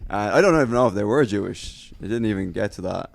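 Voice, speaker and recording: A man telling a lively stand-up story in casual podcast chat, acting out crowd voices and swearing freely. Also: fairly low pitch, quick pace, gravelly.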